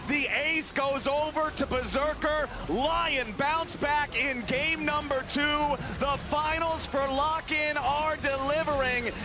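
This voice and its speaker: A man calling esports play-by-play, rapid and building excitement through the fights. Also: very high voice. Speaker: play-by-play caster.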